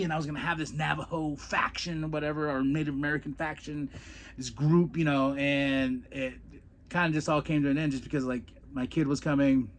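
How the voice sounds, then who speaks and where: A former wrestler who now hosts a podcast rambles through old wrestling stories, repeating words and laughing a lot, then recaps a wrestling show. His mid-range voice holds a steady tone at a fairly quick clip, with slight background noise behind it.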